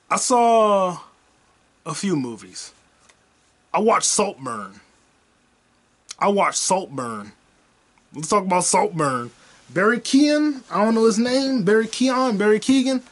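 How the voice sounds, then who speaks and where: A man's voice: a little high, fairly bright tone. A young man hosting his own podcast, telling loose, profane stories and repeating his punchlines. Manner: loose, profane, repetitive storytelling. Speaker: podcast host. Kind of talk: solo comedic podcast monologue.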